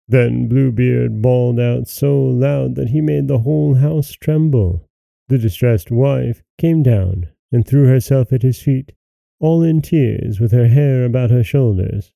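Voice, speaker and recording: Gravelly, dark-voiced man narrating a fairy tale. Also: medium pitch, a little slow, no room sound. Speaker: host and storyteller.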